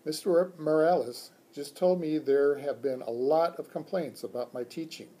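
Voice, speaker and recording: A man's voice: a little high, moderate pace, dark tone, natural voice. Man reading as a weary substitute teacher. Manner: weary, earnest. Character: discouraged young male substitute teacher. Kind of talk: children's book read-aloud.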